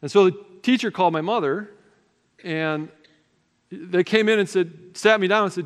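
A male pastor with a slightly high voice delivers a sermon in an earnest, conversational tone, slipping into casual fillers as he tells a personal story. His voice rings out with a long reverb, like a big church hall. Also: moderate pace.

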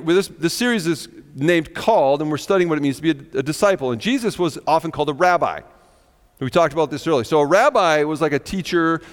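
A man preaching a sermon in an earnest, conversational way, slowing down and softening when he reads scripture. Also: on the high side. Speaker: pastor. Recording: long reverb of a large hall.

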